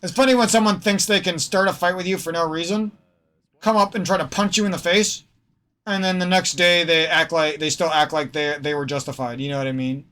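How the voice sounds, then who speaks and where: A man's voice: on the high side, fairly even intonation, fairly quick, pushed and bright, clean tone. A man with a slightly nasal Midwestern American accent, ranting in a rambling, profane gaming vlog and cutting himself off mid-sentence. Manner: profane, rambling, self-interrupting. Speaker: gaming streamer.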